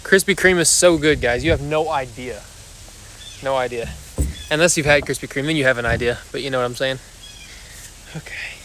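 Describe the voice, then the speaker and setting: A man's voice: medium pitch, fairly quick, long pauses, a bit bright, a little hiss or hum. A young man hosting a casual livestream from his backyard on a phone, out of breath after exercising, chatting and joking with viewers in a loose, chatty way. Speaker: livestream host. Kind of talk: casual live chat with viewers. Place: backyard outdoors.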